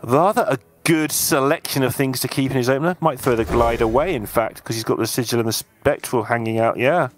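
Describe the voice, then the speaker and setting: A man's voice: medium pitch, fairly quick, hardly any pauses, a little hiss or hum. A man co-casting a card game match live, chatty and analytical. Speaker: esports caster.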